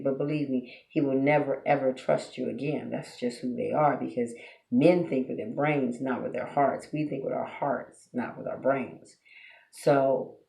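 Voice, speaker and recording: Woman lecturing viewers on relationships, blunt and preachy, gravelly voice, echoey room. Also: a bass voice, darkish tone. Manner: blunt, preachy, asks rhetorical questions. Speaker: relationship advice vlogger. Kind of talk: direct-to-camera advice monologue. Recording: roomy echo.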